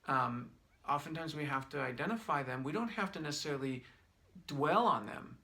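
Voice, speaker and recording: A middle-aged man leading a guided breathing demonstration as a wellness instructor, talking gently and repetitively, thinking aloud with restarts, his eyes tearing up. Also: on the high side, moderate pace, vocal fry.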